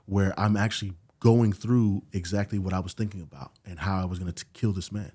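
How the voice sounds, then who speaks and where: Middle-aged man, podcast guest, low mellow voice, animated storyteller voicing the people he quotes. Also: a little fast, breathy edge. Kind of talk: storytelling in casual conversation. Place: podcast studio.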